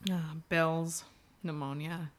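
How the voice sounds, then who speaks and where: A woman's voice: low voice, level tone, slow. A woman co-hosting a comedy podcast, teasing the others and laughing often in casual chat. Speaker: podcast co-host.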